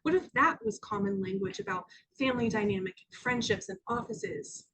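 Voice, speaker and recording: A woman minister giving a spiritual talk to a congregation, telling personal stories and sometimes dropping to a soft near-whisper. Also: medium pitch, animated, moderate pace, slight background noise, low-quality recording. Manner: storytelling, acting out quoted voices, dropping to soft near-whispers. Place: church sanctuary with audience.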